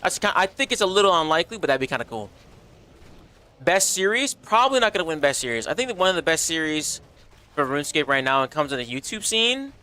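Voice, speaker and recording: Bright, animated young male streamer. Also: on the high side, fast talker. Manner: animated, slangy, reads chat aloud. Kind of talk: casual livestream chat.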